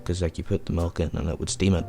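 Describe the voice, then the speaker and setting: A man's voice: sits low, fairly even intonation, fast talker, vocal fry, dark tone, soft background music. A young man hosting a podcast, telling a rambling, profane anecdote in a casual way. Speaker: podcast host. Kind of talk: casual storytelling.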